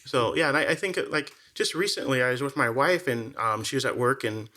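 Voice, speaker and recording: A man co-hosting a casual podcast, with a bright, forceful tone at an ordinary middle pitch. He tells stories in an animated way and acts out the voices of the people in them. His talk is loose and full of fillers and restarts. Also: fairly quick. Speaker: podcast co-host. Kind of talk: casual conversational chat.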